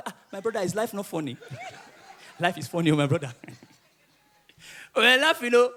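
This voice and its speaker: A man with a Nigerian accent performs live stand-up, telling stories with animated delivery and often laughing through his lines. His voice sits high, moves at normal speed with long pauses, and carries a little hiss or hum.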